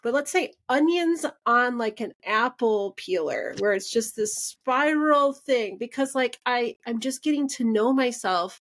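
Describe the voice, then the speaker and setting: A woman's voice: fairly high pitch, measured pace, few pauses. A woman hosting a podcast interview, chatting casually and acting out dialogue as she tells stories, with lots of "like" and "right". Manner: animated storyteller, acts out quoted dialogue; says "like" and "right" a lot. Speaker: podcast host.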